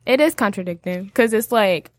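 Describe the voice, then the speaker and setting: A woman's voice: medium pitch, normal speed. A young woman co-hosting a casual podcast chat, talking loosely with many fillers and frequent laughs. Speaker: podcast co-host.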